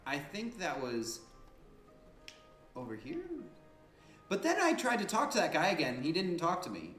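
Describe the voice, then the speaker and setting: A man's voice: a little high, normal speed, roomy sound, soft background music. A man giving casual, joking, slangy gameplay commentary as a streamer. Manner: animated, joking, slangy and profane.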